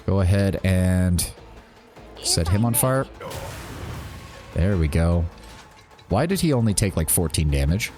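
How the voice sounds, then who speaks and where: A man's voice: low voice, big pitch swings, a little slow, long pauses, music in the background. A man streaming a game live, casually thinking aloud and reacting with surprise as he plays. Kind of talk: live gameplay commentary.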